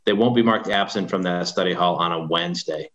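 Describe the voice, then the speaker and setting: A man's voice: sits low, fairly quick, fairly bright tone, rough recording. A man, a school administrator, answering an attendance question in a helpful, matter-of-fact way over a video call. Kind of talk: virtual town hall Q&A.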